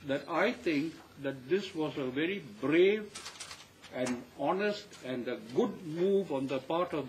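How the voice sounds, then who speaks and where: An older man with a Malaysian English accent, giving a measured, emphatic statement to the press and repeating his key points. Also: a little high, slight background noise, poor audio. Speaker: panel member addressing the press.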